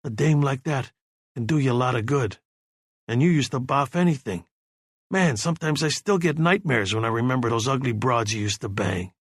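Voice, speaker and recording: A tired, gruff former star singer, as a narrator voices him, speaking low and soothing in street slang. The delivery is close-miked and dry, with no room sound. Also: male voice, normal speed, no echo, close to an everyday voice. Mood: gruff teasing. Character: world-weary former star singer, grown man.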